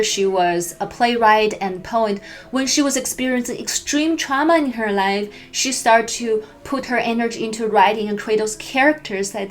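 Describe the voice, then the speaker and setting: Gentle, soothing female therapist. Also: fairly high pitch. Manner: gentle, soothing, with frequent restarts. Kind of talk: educational talk.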